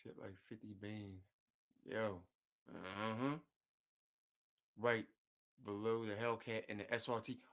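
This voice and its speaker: A man's voice: fairly low pitch, level tone, slow pace, long pauses, fairly bright tone. A man casually chatting with his viewers in loose slang, repeating his words, jumping between topics and often chuckling as he talks. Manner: often chuckles while talking. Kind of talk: casual chat.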